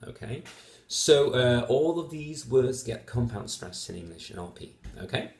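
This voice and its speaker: A man's voice: mid-range voice, lively intonation, unhurried, a little mellow. A man with Dutch as his first language, explaining test answers as a phonetics teacher, methodical, with many fillers and repeated example words. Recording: echoey room.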